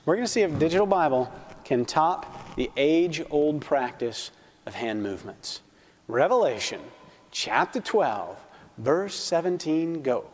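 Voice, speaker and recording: A man's voice: a little high, a little slow, breathy edge, long reverb tail. A male pastor giving a sermon, asking the audience questions and telling stories with energy. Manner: questions the audience, animated storytelling.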